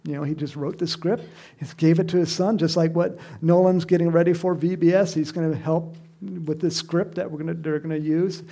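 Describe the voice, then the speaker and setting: Gravelly man preaching a lively sermon. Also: a little high, brisk. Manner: animated, acts out crowd shouts. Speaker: pastor.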